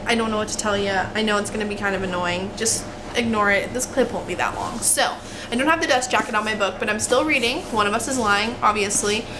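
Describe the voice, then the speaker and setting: A young book vlogger chats casually at her kitchen table by a window at home, laughing often and poking fun at herself in a reading vlog. Her voice is medium-pitched and quick. A running washer and dryer make the background noisy.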